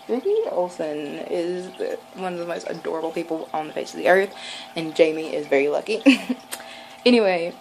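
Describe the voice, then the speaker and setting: A woman's voice: lowish voice, normal speed, darkish tone, a little hiss or hum, rough recording. A woman, telling a rambling story to camera at home with lots of fillers. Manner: rambling and chatty, with many fillers and restarts. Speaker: vlogger.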